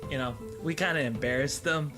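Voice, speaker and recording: A man's voice: mid-range voice, brisk, pushed and bright, faint music behind. A man hosting a gaming video, telling a battle story in a chatty way, laughing often and filling with "uh" and "like". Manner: chatty, laughs often, many fillers and restarts. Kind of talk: casual gameplay storytelling.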